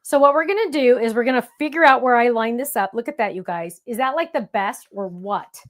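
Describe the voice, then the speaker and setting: A woman hosting a crafting show, chatting excitedly and talking herself through each step of a stamping demonstration. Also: on the high side, fairly quick.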